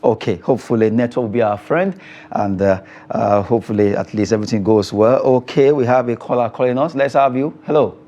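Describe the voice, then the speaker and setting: A man with a Nigerian English accent hosting a weekend sports phone-in, chatty and quick to laugh with callers, with frequent fillers. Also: mid-range voice, warm tone. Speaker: sports show host. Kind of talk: radio phone-in presenting.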